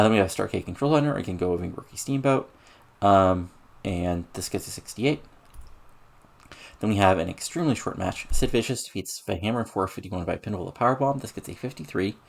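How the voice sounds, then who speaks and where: A game streamer narrates a wrestling booking sim in an easygoing, rambling let's-play style, tossing in lots of fillers as he lists results and match ratings. His low voice is gravelly and a little husky, animated, and fairly quick.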